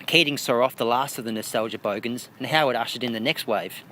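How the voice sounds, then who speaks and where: An Australian man talking through interview answers about his art, his delivery dry and wry. His voice sits at an ordinary middle pitch, and a faint hiss of noise runs under the recording. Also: fast, pushed and bright. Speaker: interviewed artist.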